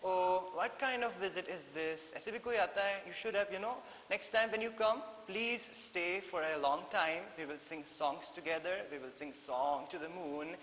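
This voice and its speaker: A man's voice: moderate pace, few pauses, fairly bright tone. A man with an Indian English accent voicing a cheerful female dolphin who welcomes visitors eagerly. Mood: pleading. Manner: high, squealing and eager, with many fillers. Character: cheerful excited female dolphin, warm hostess. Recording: echoey room with faint hiss.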